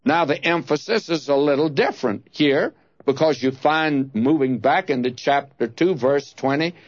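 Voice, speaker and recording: A man preaching an expository sermon, slow and emphatic, leaning hard on key words. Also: fairly high pitch, no echo, lo-fi sound.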